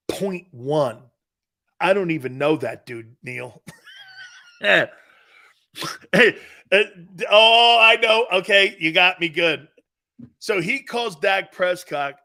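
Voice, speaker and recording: Male sports talk host: jokey, loud, high lively voice, unhurried delivery. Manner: loud, laughs often, jokey. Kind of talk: sports talk show banter.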